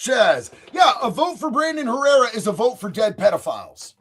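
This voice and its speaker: A male streamer tells crude stories in a profane, boisterous way. His voice runs high for a man and leaps all over the place, jumping from loud bursts down to low mutters. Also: sing-song, brisk, husky. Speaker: streamer host. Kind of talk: crude comedic storytelling on a livestream.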